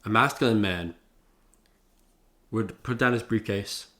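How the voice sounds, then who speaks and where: A young vlogger gives advice straight to camera in a loose, profane way, constantly saying "like" and "bro." His voice is slightly low, unhurried, and sharp in tone.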